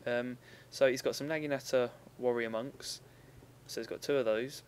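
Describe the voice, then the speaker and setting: A man's voice: mid-range voice, steady tone, normal speed, slight background noise. A young man giving casual, rambling commentary over a recorded strategy game battle, often stopping to correct himself.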